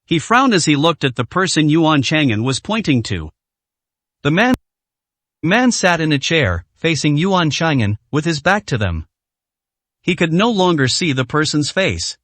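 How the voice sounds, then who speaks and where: Expressive male audiobook narrator. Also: fairly high pitch, measured pace, dry recording. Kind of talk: scripted narration.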